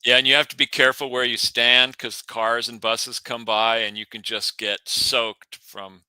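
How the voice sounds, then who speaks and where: A man's voice: medium pitch, level tone, normal speed, bright, forceful tone, clean tone, dry recording. A man co-hosting a casual food talk, easygoing and full of anecdotes. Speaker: co-host. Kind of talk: casual chat.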